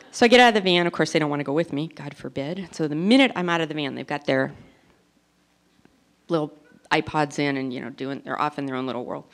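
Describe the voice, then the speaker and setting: A woman in her forties works through a stand-up set, poking fun at herself. Her voice sits a little low for a woman, and she tells her stories with animated, punchy delivery. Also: fast talker. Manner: self-deprecating, animated storytelling. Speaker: stand-up comic. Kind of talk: stand-up comedy routine.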